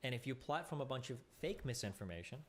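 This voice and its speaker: A man's voice: medium pitch, lively intonation, quick pace, fairly bright tone. A man debating as a guest, sarcastic and full of pointed questions. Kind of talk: fast online debate.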